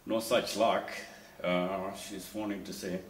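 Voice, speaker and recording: A man doing stand-up, rambling through stories with lots of fillers and quick impressions of others. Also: low-pitched, little pitch movement, echoey room, far from the mic, slight background noise, poor audio. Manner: rambling with many fillers, mimics wife and officer. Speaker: stand-up comedian. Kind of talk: stand-up storytelling.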